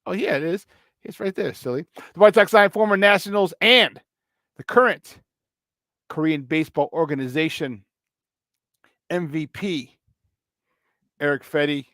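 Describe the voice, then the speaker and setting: A man hosting a sports talk show, reading the chat and chatting in an animated way, swinging between loud and soft. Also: fairly high pitch, measured pace, long pauses, no room sound, clean studio sound.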